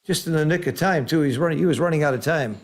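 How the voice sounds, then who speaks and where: Speaking fast in a fairly high voice, this middle-aged commentator exclaims over the dice in a live backgammon match, then calmly lays out strategy as a teacher would.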